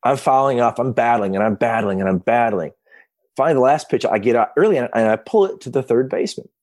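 Animated man in his fifties telling stories. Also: mid-range voice, quick pace. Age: 50s. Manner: excited, animated retelling with many restarts. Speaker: podcast guest, founder. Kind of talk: casual storytelling. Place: home office.

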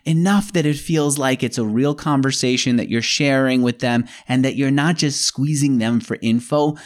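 A man's voice: medium pitch, moderate pace. A man speaking as an interview guest, explaining his ideas in an emphatic, conversational way.

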